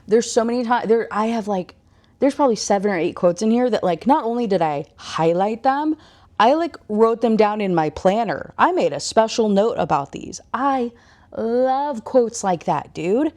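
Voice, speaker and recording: A woman's voice: fairly high pitch, lively intonation, moderate pace, a little mellow. Gushing woman recapping a book. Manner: enthusiastic, full of "like" fillers. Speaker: book reviewer.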